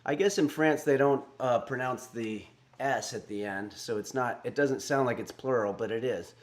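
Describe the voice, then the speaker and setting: A middle-aged man hosting a cooking livestream, talking in a deadpan, halting way with frequent fillers. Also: medium pitch. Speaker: cooking stream host. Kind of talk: casual livestream chat.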